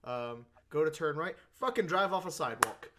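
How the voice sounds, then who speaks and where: A man co-hosting a podcast, telling a mishap story in casual chat, laughing a lot and breaking into shouts. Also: fairly high pitch, lively intonation, moderate pace. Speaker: podcast co-host. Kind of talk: casual chat among friends. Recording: noisy background.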